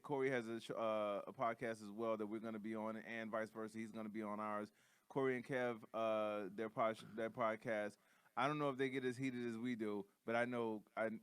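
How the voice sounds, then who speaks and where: Heated, swearing comedy podcast host. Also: male voice, medium pitch, smooth, no room sound. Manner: heated, profane, animated ranting. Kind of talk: casual comedic chat.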